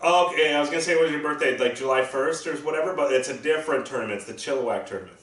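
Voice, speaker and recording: A man hosts a loose, casual chat and keeps it moving with easy questions. His voice sits a little high. He sounds distant, in an echoey room. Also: very fast, fairly bright tone. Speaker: host. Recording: roomy, distant.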